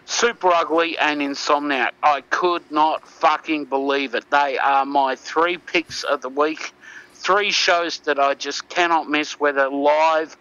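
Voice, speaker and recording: A man's voice: a little high, fairly even intonation, a little slow, bright, forceful tone, clear, resonant tone, highs cut off. An Australian man co-hosting over an internet call, chatting casually with profanity and many fillers. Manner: profane, meandering, lots of fillers. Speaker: co-host calling in. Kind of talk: casual chat.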